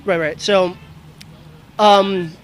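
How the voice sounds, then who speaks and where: A man with a very high voice speaks on camera at an outdoor rally. He rambles and loses his thread, then circles back with a casual, self-aware manner. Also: steady tone, extremely slow, faint music behind, poor audio. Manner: rambling, easily distracted, laughs at himself. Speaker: rally attendee. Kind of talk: on-camera street interview.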